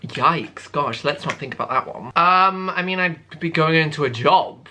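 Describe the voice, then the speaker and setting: A young man in his twenties, talking casually to camera from his bedroom. His voice is bright and crisp, with a very lively, swooping pitch. He is camp and dramatic and overshares freely. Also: normal speed, slight background noise. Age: 20s. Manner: camp, dramatic and oversharing, with sudden high squeals. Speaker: YouTuber.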